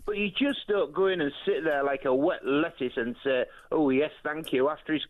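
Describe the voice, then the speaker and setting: A man from East Yorkshire calls into a talk radio show. He sounds blunt and opinionated, his voice sits a little high, and he breaks his points up with hesitant fillers. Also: lively intonation, brisk, phone-quality sound. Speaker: caller. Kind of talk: phone-in call.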